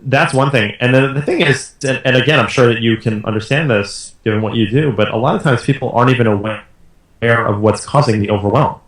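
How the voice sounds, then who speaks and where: A man's voice: medium pitch, brisk. A man speaking as a podcast guest in casual conversation, often restarting his phrases. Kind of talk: casual interview talk. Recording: roomy echo.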